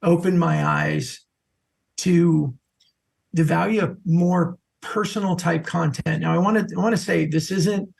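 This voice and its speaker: A middle-aged man, a social selling expert, telling lively stories as a podcast guest. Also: fairly high pitch, unhurried, gravelly. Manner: animated anecdotal storyteller. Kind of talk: podcast interview storytelling.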